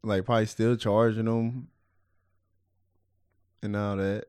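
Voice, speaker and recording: A man co-hosting a casual podcast, laid-back and reacting with quick quips. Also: flat delivery, a little mellow, smooth, no echo, studio quality. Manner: laid-back, reacts with short quips, jumps in pitch when surprised. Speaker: podcast co-host. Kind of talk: casual chat.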